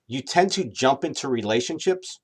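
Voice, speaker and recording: A man giving dating advice straight to camera, lively and acting out quoted inner voices. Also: medium pitch, moderate pace, slightly rough. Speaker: dating coach. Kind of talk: direct-to-camera advice talk.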